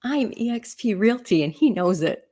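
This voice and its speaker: A woman's voice: mid-range voice, lively intonation, normal speed, dark tone. A middle-aged woman from the Midwest US, a real estate agent, teaching in a casual, chatty way and telling stories with frequent "right?" and "you know" asides.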